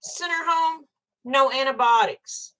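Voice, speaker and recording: A woman's voice: high voice, slow, bright, forceful tone. Angry, blunt older woman. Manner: angry, blunt, swears freely. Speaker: livestream host. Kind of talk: casual livestream chat with viewers.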